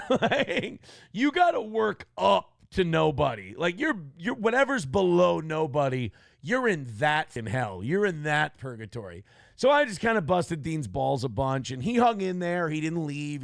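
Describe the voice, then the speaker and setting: Man, livestream host, brash and profane, gravelly, dry close sound. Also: fairly high pitch, big pitch swings, normal speed, dry recording. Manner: brash, profane storytelling with mocking quoted voices. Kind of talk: casual monologue.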